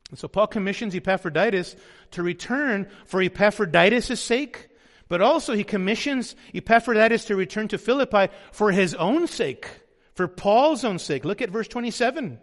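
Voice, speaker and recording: A man's voice: high-pitched, expressive, moderate pace. A male pastor preaching a sermon, emphatic and often asking his audience questions. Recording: long hall reverb.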